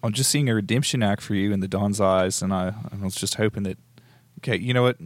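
A man's voice: on the low side, fast talker, no room sound. A man playing a tabletop game, casual and stammering. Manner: casual, stammering, laughing often. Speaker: player.

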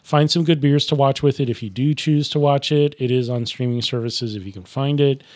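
A man's voice: medium pitch, brisk, darkish tone, dry recording, clean studio sound. A man in his fifties co-hosting a podcast, chatting casually and rambling with repeated words. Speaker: podcast co-host. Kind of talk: casual chat.

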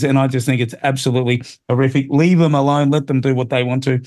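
An Australian man in middle age runs a talk radio show. He holds forth in an opinionated, rambling way, with plenty of fillers and restarts, and his voice sits at an ordinary mid pitch. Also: level tone, fast, few pauses, darkish tone.

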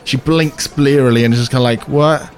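A man running a tabletop game as game master, describing scenes in a measured way. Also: medium pitch, fairly even intonation, a little hiss or hum.

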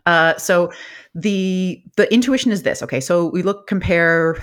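An academic guest talks through a research topic with an enthusiastic, laughing manner, often jumping up in pitch. The voice sits at a middling pitch and sounds like easygoing podcast chat. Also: measured pace, a bit bright. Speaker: linguist guest. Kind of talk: animated academic podcast interview.

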